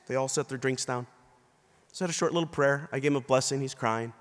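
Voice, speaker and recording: Bishop preaching in a reverberant church. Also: male voice, medium pitch, brisk. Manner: storytelling, acting out quoted people. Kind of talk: sermon. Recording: long reverb of a large hall.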